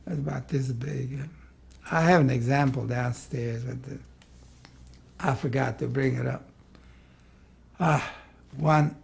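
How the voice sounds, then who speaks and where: An older man with a gravelly, husky voice recalls his teaching days in a loose, rambling way. He keeps tossing in "see" and "you know" as he talks through an archival oral history interview. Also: mid-range voice, steady tone, slow, long pauses. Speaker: former art school president.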